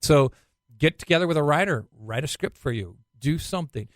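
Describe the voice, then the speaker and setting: A man, a casting director guest, giving animated, conversational advice and acting out little quotes. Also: a little high, a little fast, no echo. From Utah.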